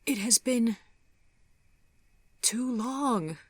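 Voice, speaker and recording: A woman voicing an older grandmother who is crying, speaking in halting, breathy, often whispered lines. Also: on the low side, steady tone, no room sound, pitched above the performer's own voice. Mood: tearful. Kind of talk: audiobook character voice.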